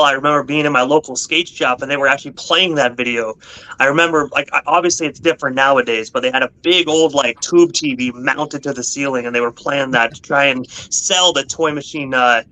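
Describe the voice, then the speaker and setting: A man's voice: mid-range voice, fairly quick, bright, forceful tone, low-quality recording. A man hosting a radio interview who asks rambling questions full of "uh" and corrects himself as he goes. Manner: rambling, frequent filler uhs, self-correcting. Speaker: radio host.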